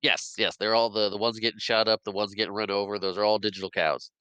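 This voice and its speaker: A man's voice: fairly low pitch, little pitch movement, fast, bright, forceful tone, smooth, no room sound, poor audio. A man co-hosting a podcast, rambling through a casual film recap and laughing often. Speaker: podcast co-host.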